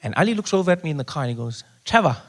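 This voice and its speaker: A man from Africa, telling stand-up stories in an animated way and acting out the people he meets. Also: a little high, rapid-fire. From South Africa. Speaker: stand-up comedian. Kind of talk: stand-up comedy storytelling.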